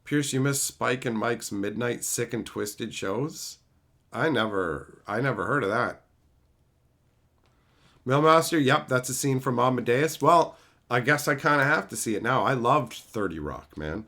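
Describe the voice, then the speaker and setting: A man streams live and chats casually with his viewers, his voice swinging up and down a lot. The tone is bright and forward, and he rambles, curses freely and gets animated as he goes. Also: mid-range voice, a little slow. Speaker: streamer answering chat.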